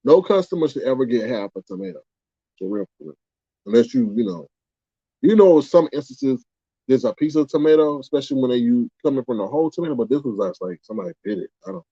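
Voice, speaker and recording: A man chatting casually on a livestream in a dark, mellow voice, rambling and exclaiming with indignant rhetorical questions. The room sounds dry and close, and the recording comes through dull and muffled. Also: a little high, animated, fast, gravelly, husky, dry recording. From United States. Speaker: livestream host reading chat.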